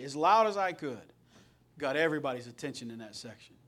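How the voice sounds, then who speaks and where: A man's voice: fairly high pitch, sing-song, moderate pace, long pauses, a bit bright. A middle-aged man from Indiana preaching a sermon as pastor, telling folksy stories with jokes along the way. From Indiana, USA. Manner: folksy, storytelling, joking.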